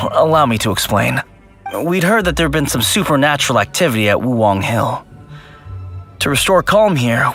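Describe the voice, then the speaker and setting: Jittery young undertaker, bright and tense, pitch jumping all over, soft music behind. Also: male voice. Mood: calm. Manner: jittery, pleading, yelps in fright. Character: timid young male undertaker, jumpy and fearful. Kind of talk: video game voice acting.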